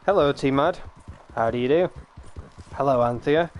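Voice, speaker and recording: A young man streaming a game, chatting casually and laughing often, his voice cracking and rough. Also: mid-range voice, a little slow, a little mellow, slight background noise. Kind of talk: casual live-stream chat.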